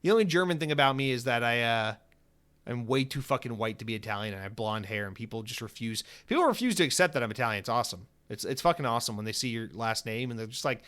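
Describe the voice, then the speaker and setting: A man hosting a casual solo podcast, talking in an animated, profane and sarcastic way with lots of filler words. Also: medium pitch, quick pace. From United States. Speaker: podcast host.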